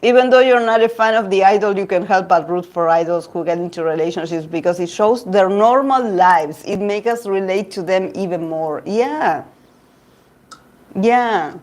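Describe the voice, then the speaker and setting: A woman host chatting casually about idol news, gossipy and quick to laugh, often restarting her sentences. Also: medium pitch, darkish tone. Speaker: tarot reader and channel host. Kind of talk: casual chat reading live comments.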